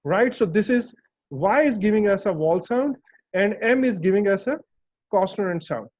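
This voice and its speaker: A man's voice: sits high, expressive, normal speed, a little mellow, dry recording. A man teaching English pronunciation in an online lesson, patiently repeating words and checking that his students follow. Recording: dull lo-fi dry sound.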